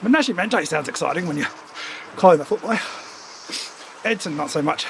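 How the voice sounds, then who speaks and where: Man with a cold and runny nose, fairly high voice, rambling stream chat, faint hum in the background. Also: animated, fairly quick, vocal fry, rough recording. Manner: rambling, chatty, with offhand asides. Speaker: streamer hosting a cycling ride-along. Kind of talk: casual chat while riding.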